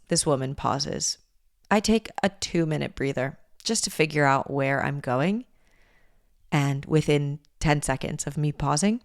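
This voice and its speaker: A young woman hosting a podcast, telling a personal story in a candid, animated way and swearing freely. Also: deep voice, no room sound, studio quality. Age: young adult. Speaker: podcast host. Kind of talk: casual storytelling monologue.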